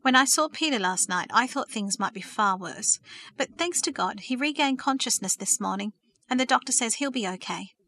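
A woman reading aloud and voicing a devout middle-aged mother who speaks slowly and cautiously. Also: fairly high pitch, animated, pushed and bright, no echo, exaggerated voice. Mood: measured. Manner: slow, cautious, hesitant.

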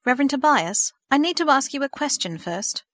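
A woman's voice: high-pitched, animated, fairly quick, a bit bright, no room sound, clean studio sound, voice pushed up. A woman voicing an earnest teenage girl of almost sixteen who keeps asking questions, in a storybook reading.

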